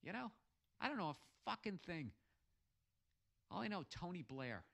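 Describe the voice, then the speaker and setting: A man's voice: high-pitched, big pitch swings, moderate pace, creaky, a bit bright. An American man hosting a podcast, ranting sarcastically and swearing heavily while reading out listener messages. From United States. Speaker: podcast host. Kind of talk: profane comic rant reading listener messages.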